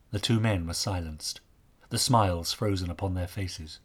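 A man, the author and host, giving an expressive audiobook reading. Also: low voice, normal speed.

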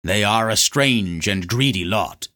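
A man's voice: fairly low pitch, a little slow, sharp tone. A man voicing a scheming male black sorcerer who speaks in a smug, purring, mocking way. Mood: persuasive.

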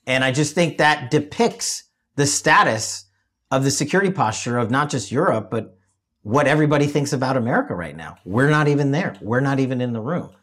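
A man's voice: mid-range voice, expressive, a little fast, fairly bright tone. A man hosting a political discussion show, talking emphatically and often restarting his phrases. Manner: emphatic, repeats himself when restarting. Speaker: show host.

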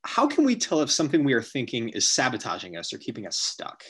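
A man's voice: mid-range voice, wildly swooping pitch, quick pace, fairly bright tone, husky. A man hosting a podcast interview, giving brief, encouraging responses and asking questions. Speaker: podcast host.

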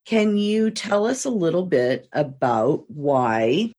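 A woman's voice: low-pitched, big pitch swings, slow, darkish tone. A woman hosting a podcast, chatting in an encouraging, chatty way with her guest and closing the show. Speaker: podcast host. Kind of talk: interview and podcast outro.

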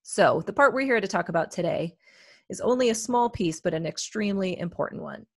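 A woman's voice: mid-range voice, animated, moderate pace, breathy edge, dry recording, clean studio sound. A woman co-hosting a wellness podcast, talking in a chatty, reflective way with many fillers. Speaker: podcast co-host, therapist. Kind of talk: casual podcast chat.

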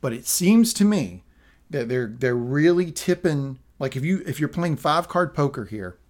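A man's voice: a little high, lively intonation, measured pace. A man co-hosting a podcast, casually recapping a TV episode and reading out quoted lines. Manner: narrates plot, reads quoted lines aloud. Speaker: podcast co-host.

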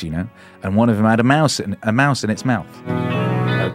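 A man hosting a stream, ranting sarcastically and swearing, now and then putting on squeaky mocking voices. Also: fast talker. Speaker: stream host. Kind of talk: casual ranting stream talk. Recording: loud music behind the voice.

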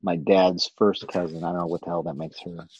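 A man in casual chat, telling stories in a wry, animated way. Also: low voice, fairly quick, breathy edge, dry recording, highs cut off.

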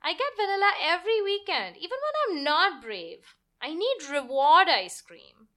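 Woman doing a high whiny little girl. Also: very animated, moderate pace, pushed and bright, heavily acted. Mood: pleading. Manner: high, whiny, fretful child voice. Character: little girl, anxious, set on her reward.

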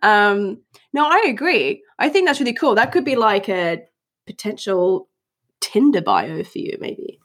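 A woman's voice: medium pitch, big pitch swings, a little slow. Chatty young woman co-hosting a podcast. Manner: chatty, full of "like" and restarts, laughs often. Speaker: podcast co-host. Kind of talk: casual chat.

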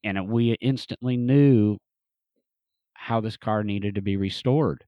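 Man, low voice, rambling casual storyteller, dry close recording. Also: slow pace, no room sound, muffled recording. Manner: rambling, many restarts and fillers. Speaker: museum restoration specialist, podcast guest or host.

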